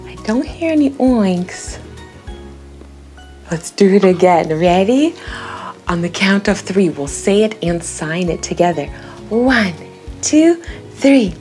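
A young woman leading a toddler learning video, talking slowly and cheerfully in exaggerated teacher tones. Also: mid-range voice, big pitch swings, a little mellow, faint music behind. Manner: slow, exaggerated, cheerful teacher talk with animal noises. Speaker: children's educator.

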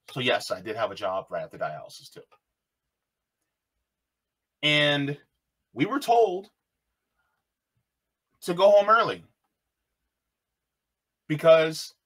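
A male video host tells a personal story casually on his channel, speaking in an animated way and repeating phrases. His voice is medium-pitched, and he raises it when quoting other people.

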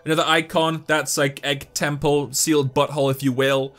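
A young man giving excitable, joking let's-play commentary while he talks to the game. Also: on the high side, moderate pace, soft background music. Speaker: gaming YouTuber.

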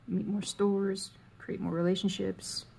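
While cross stitching, a woman vlogs casually, rambling, thinking aloud, and humming and muttering to herself. Her mid-range voice is warm and gravelly with a level tone and measured pace, and there's slight background noise.

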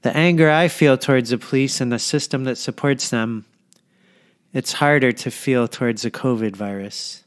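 A man hosting a podcast and reading a scripted narration in a measured, solemn way. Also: medium pitch. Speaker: podcast host.

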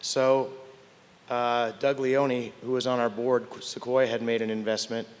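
A man's voice: medium pitch, level tone, a little slow. Older man spinning candid stories in a hall. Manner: candid, wry, stumbles and restarts. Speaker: tech panelist. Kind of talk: conference panel storytelling. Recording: long hall reverb.

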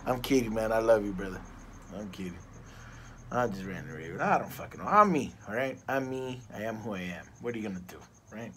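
A man's voice: on the low side, expressive, brisk, fairly bright tone, a little hiss or hum. A middle-aged man reviewing a cigar in a casual vlog, rambling and ranting with plenty of profanity.

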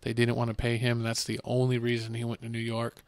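A man's voice: mid-range voice, monotone, brisk, no room sound. A man hosting a casual sports podcast, joking bluntly and trash-talking teams. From Texas. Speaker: podcast host. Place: home studio podcast.

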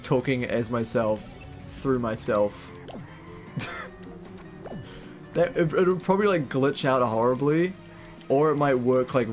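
Rambling New Zealand streamer guy. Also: mid-range voice. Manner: rambling, laughing, swearing casually. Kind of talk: casual live-stream gaming chat.

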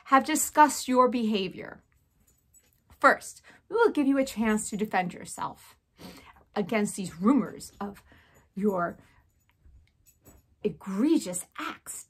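A woman doing a stern old head mouse. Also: a little high. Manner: formal, commanding. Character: stern older male mouse council leader. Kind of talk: children's book read aloud.

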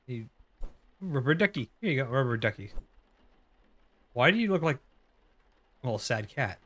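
A man's voice: mid-range voice, big pitch swings, a little slow, fairly bright tone. A man casually commenting while playing a horror game, chatty and curious, swearing now and then. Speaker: gaming video creator. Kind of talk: casual let's-play commentary.

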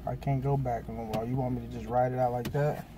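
A man's voice: medium pitch, flat delivery, quick pace, noisy background. A man hosting a casual food review mukbang, talking in slangy, hyped greetings to his viewers.

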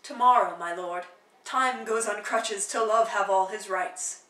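A woman's voice: mid-range voice, a little slow, pushed and bright, reverberant, far from the mic, poor audio. Woman reading as an ardent young suitor. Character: young lovestruck nobleman, earnest suitor. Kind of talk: dramatic play reading.

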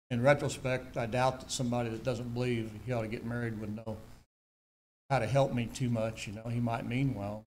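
A man's voice: medium pitch, fairly even intonation, brisk, a little mellow, slight background noise. An older man, giving a personal testimony in church, telling his story earnestly with emphatic repetitions.

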